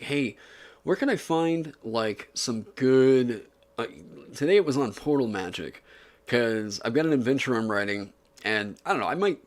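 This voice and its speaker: Man, casual stream chat, rambling, lots of fillers, upbeat, home desk mic. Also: fairly low pitch.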